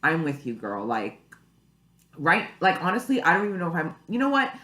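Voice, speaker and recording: A woman's voice: low-pitched, sing-song, fairly quick, fairly bright tone. A young woman vlogging casually to camera at home, rambling and chatty with lots of "you know" and "like". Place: at home, early morning. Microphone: camera mic. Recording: echoey room.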